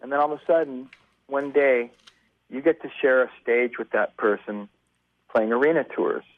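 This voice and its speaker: A man in his fifties, a musician guest telling stories over the phone, animated and acting out the voices of the people he quotes. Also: mid-range voice, moderate pace, no room sound. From United States. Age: 50s. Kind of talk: casual storytelling on a phone interview. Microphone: telephone. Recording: tinny phone line.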